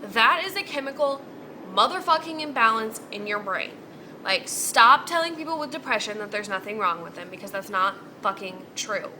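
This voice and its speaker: Bright-voiced woman ranting bluntly. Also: a little high, normal speed, slight background noise. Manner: blunt, heavy cursing, exasperated. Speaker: vlogger. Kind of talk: casual ranting vlog.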